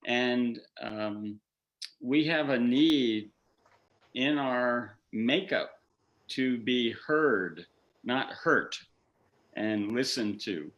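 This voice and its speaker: A man's voice: mid-range voice, drawn-out words, pauses often, muffled recording. A man who works as a counselor, teaching a workshop in a folksy, joking way and acting out quoted lines. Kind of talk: teaching seminar talk.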